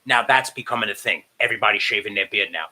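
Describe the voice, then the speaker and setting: A man co-hosting a podcast from home, talking in a casual, animated and profane way. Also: fairly low pitch, fast, breathy edge. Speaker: podcast co-host. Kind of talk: casual chat. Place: home, remote recording.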